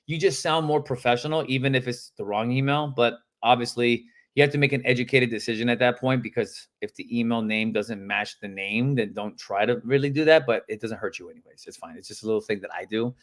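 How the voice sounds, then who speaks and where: A man coaching real estate agents live, animated and emphatic, acting out phone calls and calling out viewers by name. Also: mid-range voice, fairly quick, few pauses.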